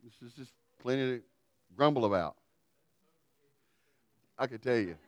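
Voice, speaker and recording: A man delivers a sermon in a relaxed, folksy way, mixing humor and everyday stories into his preaching. His voice is smooth and resonant, and the recording is close and dry with no room echo. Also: mid-range voice, unhurried. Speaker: pastor.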